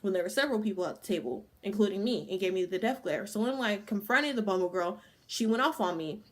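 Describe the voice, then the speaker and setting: A woman's voice: mid-range voice, expressive, quick pace. A woman in her twenties telling a casual storytime, swearing freely and saying "like" constantly. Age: 20s. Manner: casual, profane, full of "like" fillers. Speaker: vlogger.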